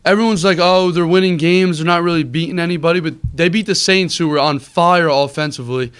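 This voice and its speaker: A young man hosting a casual football podcast, running through the week's games in quick rundowns. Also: on the high side, steady tone, a bit bright, clear, resonant tone. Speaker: podcast host. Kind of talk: casual sports podcast chat.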